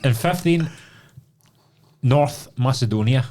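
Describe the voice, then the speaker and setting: A man's voice: medium pitch, takes it slowly, mellow. A Scottish man hosting a podcast quiz, teasing his friends, laughing and swearing in casual chat. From Scotland. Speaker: podcast host running a quiz. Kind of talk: casual pub-style chat.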